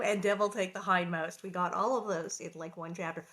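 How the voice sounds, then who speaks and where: A woman's voice: fairly low pitch, steady tone, fairly quick, hardly any pauses, a bit bright. A woman reading a children's book aloud, breaking off for chatty, gushing asides about the old expressions. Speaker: reader.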